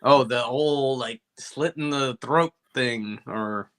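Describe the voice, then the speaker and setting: A man co-hosting a movie podcast, laid-back and teasing, talking in halting casual banter. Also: medium pitch, a bit bright. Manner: laid-back, ribbing, hesitant with fillers. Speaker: podcast co-host.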